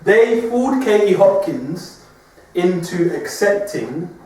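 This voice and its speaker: A laid-back man co-hosting a casual podcast chat, quick to laugh. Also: sits high, big pitch swings, darkish tone. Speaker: podcast co-host. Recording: echoey room, far from mic.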